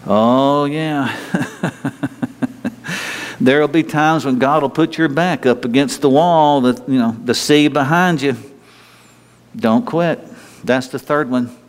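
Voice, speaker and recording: A man preaching a sermon in an emphatic, conversational way, sometimes jumping into a high, whiny voice to mock complainers. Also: slow, pauses often. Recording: long hall reverb.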